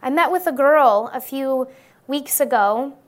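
A woman's voice: high voice, measured pace. A woman giving an earnest, testimony-style sermon to an audience, often checking in with listeners by asking "right?". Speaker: Christian speaker.

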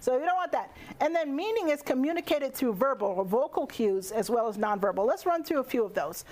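A woman with a fairly high voice leads a public speaking workshop. She is animated and playful, chats with her audience and laughs often. She speaks into a handheld microphone in a lecture room. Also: fairly quick.

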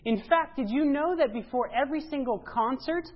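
A woman giving a sermon-style church presentation, emphatic, rising to loud exclamations and dropping low. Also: a little fast. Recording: dull lo-fi sound.

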